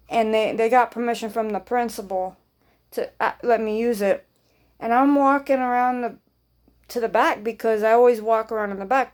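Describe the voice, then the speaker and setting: A woman's voice: fairly high pitch, darkish tone. A woman vlogger telling a rambling personal story in casual speech, swearing freely and acting out what people said.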